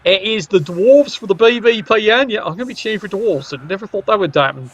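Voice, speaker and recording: A man's voice: high voice, animated, brisk, slightly rough, muffled recording. A man giving casual, chatty commentary on a tabletop-style video game, joking with viewers in the chat.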